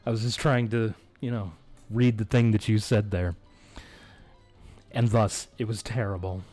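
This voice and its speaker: A man's voice: fairly low pitch, steady tone, measured pace, mellow, faint music behind. A man chatting casually on a live game stream, joking crudely and laughing often.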